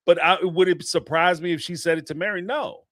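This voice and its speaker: A man's voice: high voice, steady tone, brisk, a bit bright, dry recording, studio quality. A man hosting a call-in show, giving blunt, emphatic opinions in casual chat.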